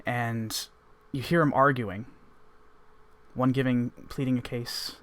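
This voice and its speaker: A man's voice: medium pitch, steady tone, slow, a bit bright. A man running a tabletop game as game master, narrating in a loose, rambling descriptive way.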